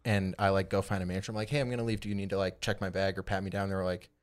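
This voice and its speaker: A young man with a fairly low voice tells a long, rambling story to his friends on a podcast. He leans on "like" constantly and acts out what everyone said. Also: racing. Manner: rambling, animated retelling with lots of "like". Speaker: podcast co-host. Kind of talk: casual storytelling chat.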